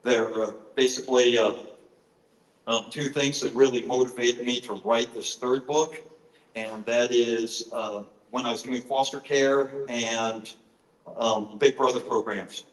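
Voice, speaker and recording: Middle-aged male author, mid-pitched, earnest storyteller, roomy conference-hall sound. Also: fairly even intonation, unhurried. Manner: earnest, storytelling, frequent fillers. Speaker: author giving a presentation. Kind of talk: conference talk with personal stories.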